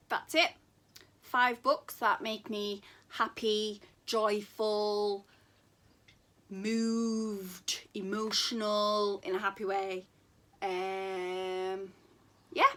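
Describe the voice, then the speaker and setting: Gushing slow-talking woman book vlogger. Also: medium pitch, steady tone, fairly bright tone. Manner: gushing, repeats words for emphasis. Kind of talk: casual book recommendation vlog.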